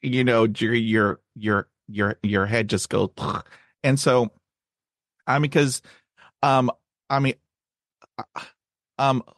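Man with a stutter, halting, lots of fillers, dry close sound. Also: medium pitch, steady tone, no echo. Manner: halting, many fillers and repeats. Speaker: podcast host. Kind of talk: casual conversation.

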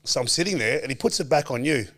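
An Australian man in his forties, a former footballer, telling animated stories as a podcast guest and acting out quoted voices. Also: medium pitch, quick pace, gravelly. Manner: animated storyteller, acts out quoted voices, laughs often. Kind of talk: casual storytelling chat.

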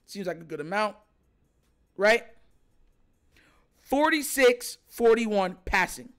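High-voiced man ranting about football. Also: slow pace, clean tone, soft background music. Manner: animated, exasperated, emphatic repetition. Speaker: sports commentary host. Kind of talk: ranting reaction commentary.

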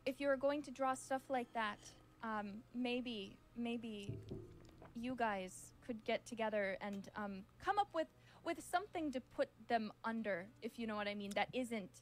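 A woman's voice: a little high, unhurried, soft background music. A woman streamer talking to her viewers, polite and hesitant with many ums. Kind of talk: casual stream chat.

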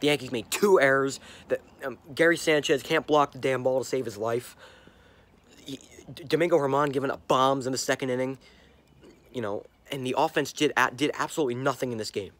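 A man's voice: medium pitch, fairly quick, a bit bright. A young man, a sports fan vlogger, ranting angrily to a handheld camera, repeating himself and stumbling over his words. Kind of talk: angry fan rant to camera.

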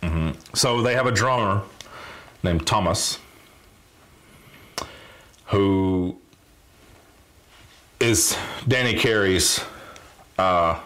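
A man's voice: low voice, very slow, long pauses, bright, forceful tone. A man hosting a reaction video, chatting casually and explaining with fillers. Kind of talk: casual chat.

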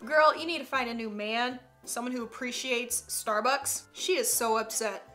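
A woman's voice: on the high side, moderate pace, few pauses, bright, forceful tone, soft background music. A young woman hosting a vlog, chatting casually and reacting to clips with sassy, talkative asides. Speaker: YouTuber host.

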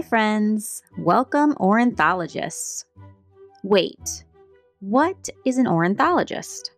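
Casting: bright-mannered woman instructor for a kids' science lesson, animated pitch, faint music behind. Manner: cheerful, speaks slowly and clearly to children; soft, calming guided breathing. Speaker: kids activity instructor. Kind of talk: children's lesson.

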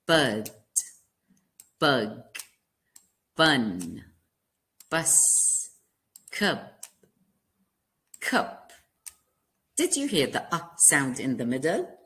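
Woman, kindergarten teacher, very slow pace, lively pitch, spells words out, asks children questions. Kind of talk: slow phonics lesson for young children. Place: classroom lesson video.

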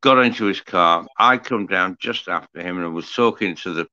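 A man's voice: deep voice, normal speed, bright, forceful tone, no room sound. Older man telling a muffled anecdote. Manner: chatty storyteller with frequent restarts and "you know". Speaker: guest, former TV presenter. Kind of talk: casual interview anecdote. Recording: slightly muffled dry audio.

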